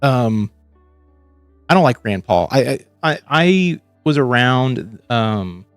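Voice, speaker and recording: A man's voice: medium pitch, very animated, takes it slowly, clear, resonant tone, no echo, soft background music. A man hosting a livestream, giving casual, rambling reaction commentary with lots of swearing and restarts. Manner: rambling, profane, restarts often. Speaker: livestream host.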